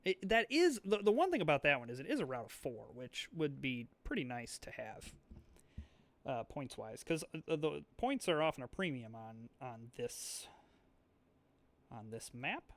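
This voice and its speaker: A man's voice: medium pitch, sing-song, moderate pace, fairly bright tone, no echo. A young man hosting a board game video, rambling chattily through his moves, with lots of fillers and restarts. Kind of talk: casual thinking-aloud play commentary.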